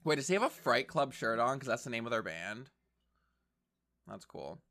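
A man chats his way through a show, cracking jokes and talking back at the screen. His voice is bright and sharp. His pitch moves around a lot. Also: big pitch swings, moderate pace. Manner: chatty, wisecracking, talks back at the screen. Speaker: reaction commentator. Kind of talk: casual commentary over a show.

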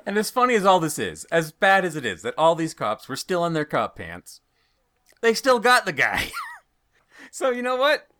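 A man in a casual conversation, playful and animated, acting out bits of dialogue. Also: fairly high pitch, normal speed. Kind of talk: casual chat.

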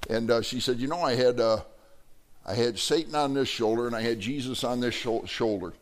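Man, middle-aged, Wisconsin accent, pastor, sermon, animated storytelling. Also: medium pitch, a little fast. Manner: animated storytelling, acting out the people he quotes.

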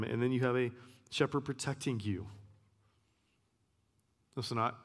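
A man giving a sermon as a guest preacher, earnest, repeating key phrases and sometimes dropping to a hush. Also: mid-range voice. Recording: long hall reverb.

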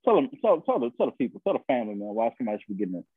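A man's voice: mid-range voice, big pitch swings, racing, slightly rough, no room sound. A man co-hosting a podcast, rambling in a laid-back, profane way. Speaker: podcast co-host. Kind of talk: casual opinionated chat. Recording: tinny phone-like line.

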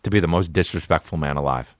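A male comedy podcast host with a bass voice talks at a quick pace in a dry, studio-quality recording. His crude, rambling comic chat is profane and mocking, dropping into mumbles before bursting out.

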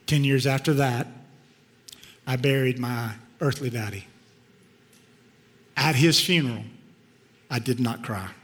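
Emotional pastor in a reverberant hall. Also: male voice, mid-range voice, measured pace, pauses often. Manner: emotional, shifts from loud outbursts to hushed tones. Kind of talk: sermon storytelling. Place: church sanctuary. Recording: long reverb of a large hall.

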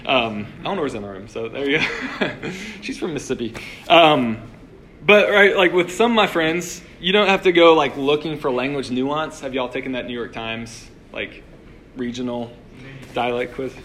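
A man's voice: medium pitch, moderate pace, a bit bright, slight background noise. Man preaching in a casual, chatty way. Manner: conversational, lots of "like" and restarts. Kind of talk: casual sermon. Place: room with a live audience.

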